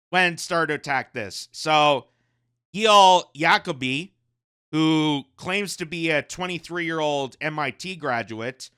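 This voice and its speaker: A man's voice: on the high side, pushed and bright, smooth. A man commenting on the news in casual talk, often sarcastic and mocking the people he criticizes. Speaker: commentary host.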